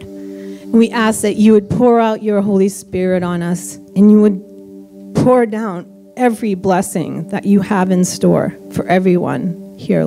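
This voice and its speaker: A woman with a warm, mellow voice leads an earnest spoken prayer. She prays gently while soft music plays faintly behind her. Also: medium pitch. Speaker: prayer leader.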